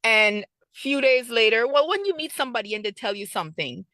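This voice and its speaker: A middle-aged woman, a food business owner, telling her story as an interview guest in an excited, animated way, acting out the conversations she recalls. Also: fairly high pitch, a little fast, no room sound.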